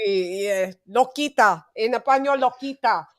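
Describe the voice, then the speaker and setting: A woman hosting a casual chat, telling lively stories and acting out what people said. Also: on the high side, a little slow. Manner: animated, storytelling with quoted voices. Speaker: host.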